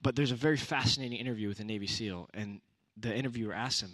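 A man's voice: mid-range voice, quick pace, hardly any pauses, a bit bright. A young man giving a casual youth sermon, conversational with punchy repeated exhortations. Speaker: youth speaker.

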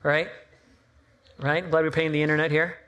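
A middle-aged man, a pastor, preaching a sermon with lively rhetorical questions and personal stories. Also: fairly high pitch, normal speed, smooth.

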